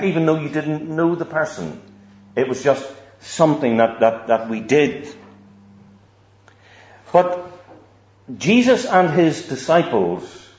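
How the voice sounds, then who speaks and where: A man preaches a sermon slowly and deliberately, his voice sitting a little above the usual range for a man. He often repeats a word before moving on, and the sound is echoey and a bit dull, as if taken in a large room. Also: on the high side. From Northern Ireland. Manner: measured and deliberate, with frequent repeated words.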